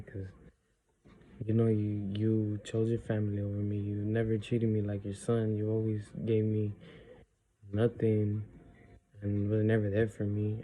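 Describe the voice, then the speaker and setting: A man's voice: on the low side, mellow, a little hiss or hum, rough recording. A man telling a personal story in a casual vlog. He talks bluntly, curses, leans on filler words and drops in Spanish phrases. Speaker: vlogger.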